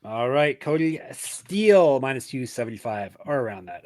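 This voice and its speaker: An energetic man hosting a sports betting podcast, rattling through sponsor reads with a joking, self-deprecating streak. His mid-range voice sits close to the mic in a dry, deadened space with no room sound. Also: mid-range voice, normal speed, hardly any pauses, no room sound. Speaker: podcast host. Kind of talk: casual chat and ad reads.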